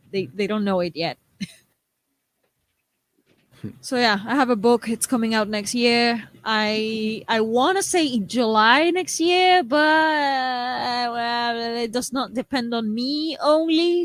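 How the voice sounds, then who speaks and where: A woman from Argentina, a guest writer chatting casually with stammered restarts. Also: fairly high pitch. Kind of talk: casual chat.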